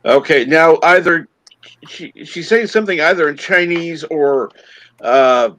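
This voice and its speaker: A man hosting a casual livestream, stumbling through his words with plenty of fillers. His voice is bright and forward. He talks in a loose, chatty way. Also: on the high side, unhurried, poor audio. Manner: flustered, hesitant, many fillers. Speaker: livestream host. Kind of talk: casual group chat.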